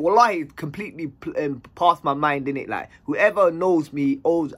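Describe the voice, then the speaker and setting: A man's voice: fairly high pitch, breathy edge. A man telling a story in a casual, slang-heavy way. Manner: animated, slang-heavy, acts out dialogue.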